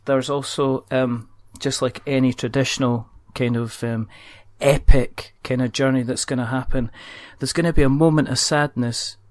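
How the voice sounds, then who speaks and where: Bloke hosting a board game podcast, rambly casual chat, middle-of-the-road pitch. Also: male voice, fairly even intonation, moderate pace, few pauses. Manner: chatty, rambling, self-deprecating. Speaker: podcast host.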